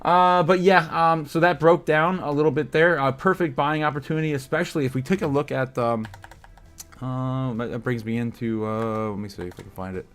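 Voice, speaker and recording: A man's voice: medium pitch, a little fast, fairly bright tone. A man hosting a casual crypto livestream, reading headlines and viewer chat with lots of filler sounds and frequent laughter.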